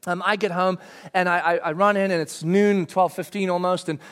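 A middle-aged man telling a family story to an audience, animated, bursting into shouted quotes. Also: high-pitched, a little fast, clean tone.

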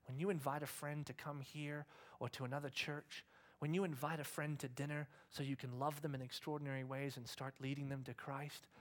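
A middle-aged man preaching a passionate sermon, often dropping into a hushed whisper. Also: mid-range voice. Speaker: pastor.

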